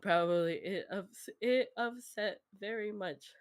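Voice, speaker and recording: A woman streamer talks with a guest in a slow, unhurried way, and her voice sits a little low. She laughs a lot and often restarts her sentences. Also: animated, a bit bright. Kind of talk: casual chat with a guest.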